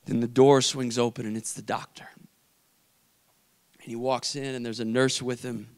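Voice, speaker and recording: A young adult man telling an emotional personal story in a faith talk, swinging from hushed to intense. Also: mid-range voice, level tone, moderate pace, clean tone. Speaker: speaker.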